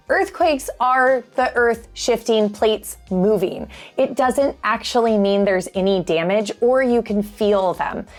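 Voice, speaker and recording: Woman vlogger and realtor from California, mid-pitched, friendly, explanatory, scripted delivery. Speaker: realtor, channel host. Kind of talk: scripted talk to camera.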